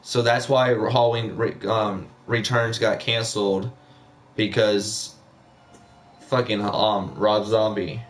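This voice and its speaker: A man's voice: on the low side, steady tone, slow. A young man chatting casually on a live stream, rambling with many fillers and repeating himself.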